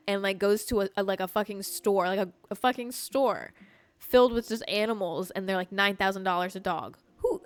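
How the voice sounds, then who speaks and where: Animated swearing woman podcast host. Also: medium pitch, a little fast, smooth, dry recording, soft background music. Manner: animated, swears often, heavy "like" filler. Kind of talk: casual storytelling chat.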